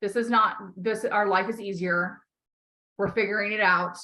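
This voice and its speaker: A woman's voice: medium pitch, steady tone, moderate pace, bright, forceful tone. A woman life coach on a call, talking bluntly and emphatically, swearing often and repeating key phrases to encourage her client.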